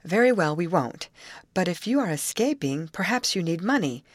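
A woman reading the part of a kind and eager young woman who speaks warmly. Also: fairly low pitch, very animated, moderate pace, dry recording, studio quality. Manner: warm, eager.

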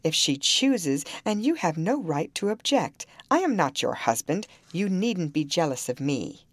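A woman's voice: on the low side, very animated, measured pace, no echo. A woman reading the lines of a brooding, defiant young man in a storybook reading, speaking in a curt growl.

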